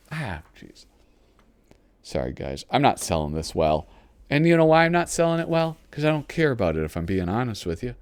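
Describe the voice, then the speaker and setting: Low-voiced man, lively rambling host. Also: normal speed, no echo. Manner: rambling and self-deprecating, reads lines aloud. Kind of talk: casual commentary while paging through a magazine.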